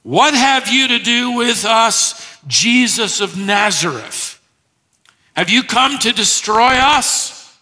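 A man's voice: very high voice, lively intonation, slow pace, bright, forceful tone, long reverb tail, full character voice. A man doing a sneering, derisive demon. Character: sneering demon, male, mocking and fearful.

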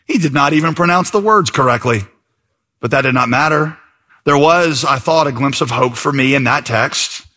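A man's voice: mid-range voice, normal speed, pushed and bright. A man preaching a sermon as pastor, conversational and reading passages aloud with fillers.

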